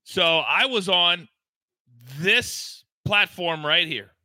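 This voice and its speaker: Male betting-show host; high, piercingly bright, pumped-up promo delivery in a dry room. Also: slow, dry recording. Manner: hyped, promotional, emphatic. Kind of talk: energetic sports betting show chat.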